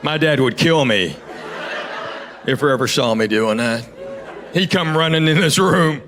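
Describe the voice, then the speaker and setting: A male stand-up comedian telling stories in a dry, deadpan way, repeating words for punchlines, on a stage before a laughing audience. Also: on the high side, a little slow, crowd noise. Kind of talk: stand-up storytelling. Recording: live show with loud audience laughter.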